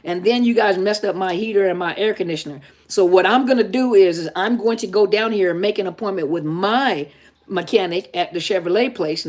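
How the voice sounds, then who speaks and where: During a casual live stream, a middle-aged therapist with a medium-pitched voice answers questions from viewers. She talks to them directly, casually and with emphasis, repeating her main points.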